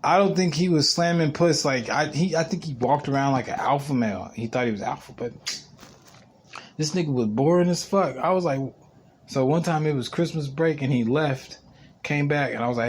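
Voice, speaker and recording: A man's voice: a little high, brisk. Blunt, profane man ranting off-mic. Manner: blunt, profane, rambling storytelling. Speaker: podcast host. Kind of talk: casual solo podcast rant. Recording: distant mic with clear background noise.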